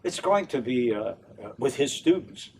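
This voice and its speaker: An older man from New Orleans chats about his work in an animated voice that keeps breaking into laughs. He sits a little back from the mic. Faint room noise hums behind him. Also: mid-range voice, normal speed, distant mic. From New Orleans, USA. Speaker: opera tenor and stage director, interview guest. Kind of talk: casual interview chat.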